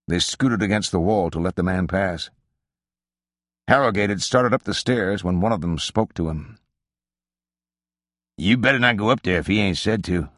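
Audiobook narrator: man, very low voice, measured literary delivery, dry close sound. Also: no echo. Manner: measured, even literary reading. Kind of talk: scripted narration of a literary novel.

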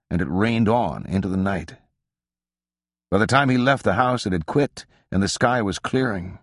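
Deep-voiced man reading a novel. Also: no echo, studio quality. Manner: measured, even literary reading. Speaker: audiobook narrator. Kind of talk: scripted narration of a literary novel.

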